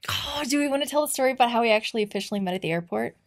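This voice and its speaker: Giggly young woman, bit high. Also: rapid-fire. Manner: giggly, animated storytelling, full of fillers. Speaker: podcast co-host. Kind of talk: casual chat.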